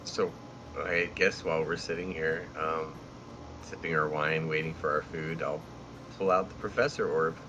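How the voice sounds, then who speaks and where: A man's voice: extremely low pitch, steady tone, lo-fi sound. A man playing in a tabletop role-playing game, rambling and restarting as he describes what his character does. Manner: rambling, halting, giggly. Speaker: player. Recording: clear background noise.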